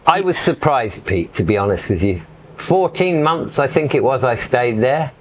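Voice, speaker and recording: A man's voice: medium pitch, expressive, moderate pace, slight background noise. A middle-aged man from England telling stories in a casual, rambling way as an interview guest, dropping "you know" often. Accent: English. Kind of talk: casual storytelling.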